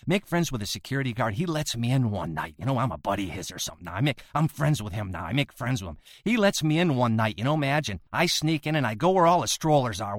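A man's voice: medium pitch, no echo, clean studio sound, pitched above the performer's own voice. A man voicing a manic, scheming middle-aged Florida prankster in a rambling comic monologue, forever tacking on "you know, Madge".

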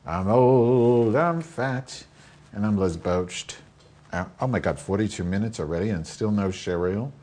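A man's voice: lowish voice, unhurried, warm tone. A man in his fifties hosting a solo podcast while he cooks at home, rambling, swearing and getting sidetracked with muttered asides. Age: 50s. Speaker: podcast host. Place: home kitchen.

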